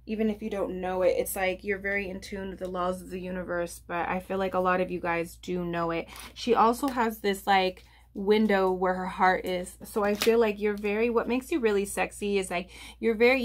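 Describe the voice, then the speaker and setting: A woman doing a casual pick-a-card tarot reading. She rambles through her impressions, full of "like" and "you know," restarting her sentences as she goes. Her voice sits at an ordinary middle pitch. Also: steady tone, normal speed, few pauses. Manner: rambling, lots of fillers and restarts. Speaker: tarot reader.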